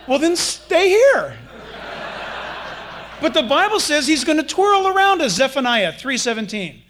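A man preaching a sermon as pastor, animated and conversational, acting out playful little dialogues with his congregation. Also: extremely high pitch, unhurried, long pauses.

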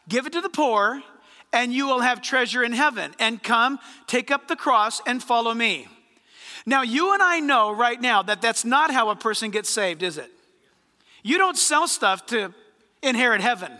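A male pastor preaches in a church and keeps firing rhetorical questions at the congregation. His voice is very high and bright, and it swoops up and down with energy. The long echo of a large hall rings behind him. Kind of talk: sermon. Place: church sanctuary.

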